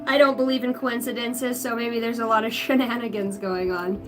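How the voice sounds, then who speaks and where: A woman's voice: on the high side, steady tone, a little fast, music in the background, poor audio. Blunt chatty woman reading tarot live. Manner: chatty, blunt, swears freely. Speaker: tarot reader. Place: home. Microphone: livestream device.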